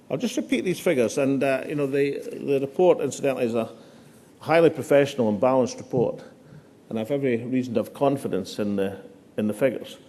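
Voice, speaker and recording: A man's voice: medium pitch, brisk, a little mellow. A middle-aged Scottish man giving an after-dinner speech to a hotel audience, with dry humour and frequent "uh" hesitations. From Scotland. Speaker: political speaker at a dinner. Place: hotel function room. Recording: long hall reverb.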